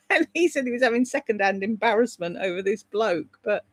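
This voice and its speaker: A woman's voice: fairly high pitch, lively intonation, moderate pace, no echo. A British woman chatting casually on a live stream, rambling between topics and reading out viewer comments. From Britain. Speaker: live streamer and voice-over artist.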